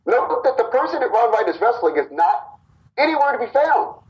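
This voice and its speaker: A man's voice: extremely high pitch, sing-song, a little fast, muffled recording. A man co-founder of a wrestling company, casually telling a long story on a podcast and acting out the quotes.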